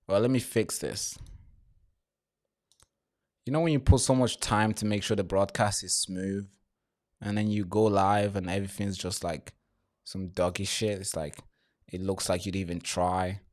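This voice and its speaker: A man's voice: deep voice, steady tone, moderate pace, long pauses. A man hosting a live stream with commentary, talking straight to his viewers, swearing freely and often repeating himself or restarting phrases.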